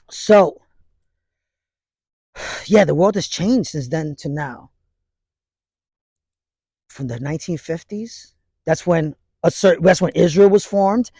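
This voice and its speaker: A man's voice: high voice, darkish tone, no echo, studio quality. Blunt New York man ranting outdoors. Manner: blunt, street-slang preachy talk. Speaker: martial arts instructor. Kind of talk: casual outdoor monologue. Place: outdoors in falling snow. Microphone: phone held by another person.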